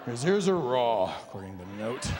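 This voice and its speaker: Male stand-up comic from Nebraska, animated storyteller, live stage sound with faint room noise. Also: mid-range voice, a little fast. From Nebraska, USA. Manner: animated storytelling with acted-out voices. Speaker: stand-up comedian. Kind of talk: stand-up comedy set. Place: large performing arts theater. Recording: live stage in an echoey hall.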